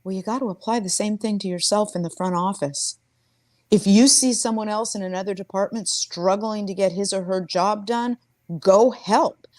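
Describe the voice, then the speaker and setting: A woman's voice: mid-range voice, normal speed, a little mellow, no echo. Woman in her 60s telling stories in an interview, earnest, restarts a lot, dry close sound. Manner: earnest and reflective, with frequent restarts. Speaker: interview guest, former sports team executive. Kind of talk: conversational interview storytelling.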